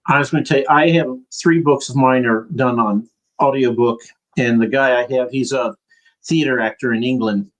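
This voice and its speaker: A man co-hosting a casual podcast, relaxed and storytelling, with an easy self-mocking laugh. His pitch sits in the middle range. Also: moderate pace, rough recording. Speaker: podcast co-host. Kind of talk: casual chat.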